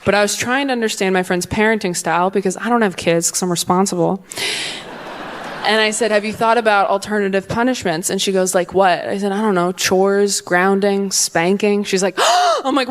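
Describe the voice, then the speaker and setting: A woman's voice: mid-range voice, expressive, a little fast. A woman performing a stand-up comedy set on stage, with a punchy, sardonic delivery that acts out the voices she quotes. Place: comedy stage before a live audience.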